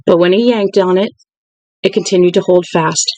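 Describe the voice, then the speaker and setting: An audiobook reader narrating a novel in an even, unhurried way, with a middle pitch. The recording is dry and close, with no room sound. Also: dry recording, rough recording. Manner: even, unhurried reading with occasional restarts. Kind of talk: reading a novel aloud.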